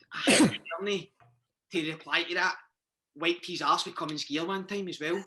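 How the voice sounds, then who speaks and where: A man's voice: sits high, noisy background. A young Scottish man in his twenties, guesting on a podcast and telling rambling, sweary dressing-room stories with lots of restarts. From Scotland. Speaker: guest footballer. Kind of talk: casual podcast chat.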